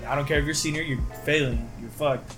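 A man's voice: on the high side, fairly even intonation, fairly quick, over music. A young man in casual chat, animatedly telling school stories and acting out quotes, swearing freely.

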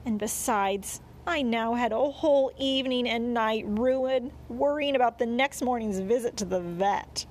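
A woman narrating a children's audiobook in an expressive storytelling manner. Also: fairly high pitch, unhurried, few pauses, a little hiss or hum.

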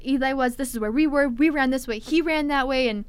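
Young woman, smooth clear slightly high voice, lively storyteller who acts out quotes. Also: brisk. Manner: animated, acts out quotes, heavy filler "like". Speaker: storyteller guest. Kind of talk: casual storytelling chat.

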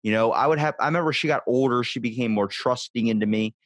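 A man's voice: mid-range voice, fast, a bit bright, dry recording. A man hosting a podcast, chatting casually and telling rambling anecdotes, swearing freely as he goes. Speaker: podcast host. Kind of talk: casual conversational chat.

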